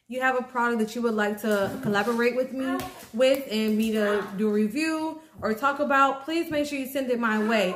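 A woman's voice: a little high, roomy sound, slight background noise. A young adult woman vlogging casually to camera, chatty and promotional, with many fillers. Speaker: YouTube vlogger. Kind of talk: casual vlog talk to camera.

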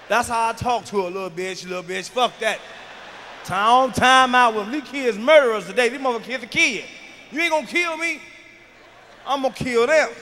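Fired-up profane stand-up comic, high voice. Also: male voice. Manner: profane, shouting, fired-up storytelling. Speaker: stand-up comedian. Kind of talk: stand-up comedy routine. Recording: live hall reverb, faint background noise.

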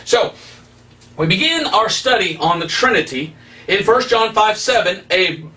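Male evangelist, fairly high voice, emphatic preacherly delivery, mic a little far off. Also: animated, a little slow, sharp tone. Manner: emphatic, preacherly, with rising stresses. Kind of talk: preaching Bible study.

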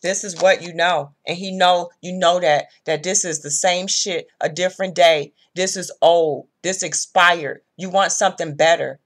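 A woman's voice: lowish voice, fairly even intonation, moderate pace, hardly any pauses. Blunt, profane woman tarot reader. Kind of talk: casual tarot reading.

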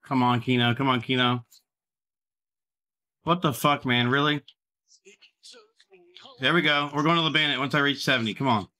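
A man's voice: medium pitch, steady tone, normal speed, long pauses, pushed and bright. A man live-streaming his gambling, talking constantly in a profane voice that swings between begging the game and cursing at it. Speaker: livestreamer.

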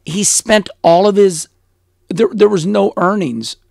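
Gravelly high-voiced man telling stories. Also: measured pace, dry recording, clean studio sound. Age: middle-aged. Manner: animated, blunt, laughs often. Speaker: interview guest, former race car driver. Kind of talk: casual storytelling interview.

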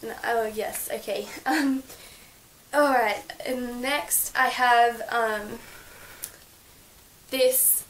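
A woman's voice: a little high, steady tone, extremely slow, a bit bright, a little hiss or hum, low-quality recording. A young woman vlogging from her bedroom, gushing and chatty with lots of fillers as she shows her birthday gifts. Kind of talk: casual birthday haul vlog.

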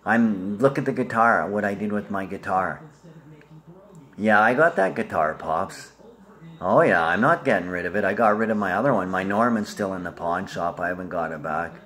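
A man's voice: sits low, normal speed, a bit bright. A man with an Australian accent talking in a loose, rambling monologue that jumps from topic to topic and is addressed to his family.

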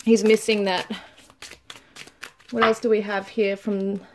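A woman giving a casual tarot reading to viewers, chatty and laughing often, reading card messages aloud slowly. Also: mid-range voice, level tone, noisy background. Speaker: tarot reader.

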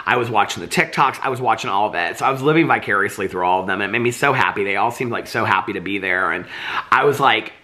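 A man's voice: lowish voice, fast talker, sharp tone. A man vlogging about reality TV in a casual, gossipy and dramatic way, full of asides like "like" and "okay". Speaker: TV commentary vlogger. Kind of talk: casual gossipy chat to camera.

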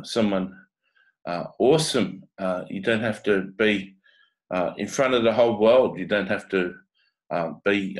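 A man with a New Zealand accent giving a halting, unscripted prophetic reading, full of pauses and fillers. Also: low voice, rough recording. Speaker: prophetic teacher.

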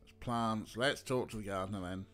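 A man's voice: lowish voice, normal speed, fairly bright tone, faint music behind. A man giving casual, joking commentary while streaming an adventure game. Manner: joking, mock-posh asides. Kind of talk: casual let's-play commentary.

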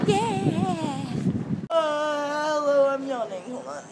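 A young woman chatting excitedly in a casual travel vlog, filmed on a handheld camera outdoors in busy city streets. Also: on the high side, moderate pace. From United States. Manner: excitable, gushing, giggly fan chatter. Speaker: travel vlogger. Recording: loud outdoor crowd and street noise.

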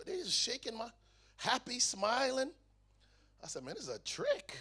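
Bright high-voiced male preacher telling his story. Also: moderate pace, breathy edge. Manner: lively storytelling, acting out dialogue. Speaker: guest speaker giving his testimony. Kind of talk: testimony sermon to a youth audience. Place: camp meeting venue.

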